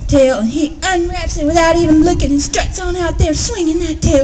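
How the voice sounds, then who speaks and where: A woman storyteller telling an animal folk tale aloud, lively and expressive. Her voice is high and light. She adds sighs, gasps and drum sounds as she goes. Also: a little fast, crowd noise, poor audio.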